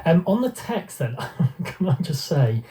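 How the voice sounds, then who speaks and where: A man's voice: fairly high pitch, big pitch swings, measured pace, warm tone. Amused male radio co-host, distant mic. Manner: amused, reading out listener texts. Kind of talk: casual radio banter.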